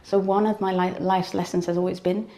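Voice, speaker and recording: A woman tells a personal devotional story in an earnest, heartfelt way. Her voice sits a little low and sounds warm and mellow. She often circles back and repeats phrases to drive a point home. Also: level tone, fairly quick. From United Kingdom. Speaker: devotee giving testimony.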